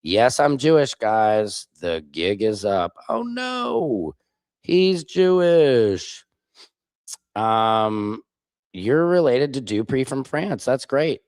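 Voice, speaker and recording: A man's voice: fairly low pitch, expressive, slow, dry recording, clean studio sound. A man in his forties from Missouri, hosting a casual live stream and trading sarcastic banter with viewers in chat. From Missouri, USA. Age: 40s.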